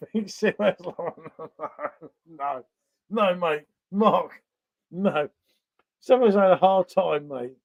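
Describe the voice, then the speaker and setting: A high-pitched man chatting on a live beer stream, joking with viewers in a matey way. The sound is dull and lo-fi, as from a cheap stream mic. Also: slow, vocal fry. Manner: jokey, matey. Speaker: beer review host. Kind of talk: casual live-stream chat.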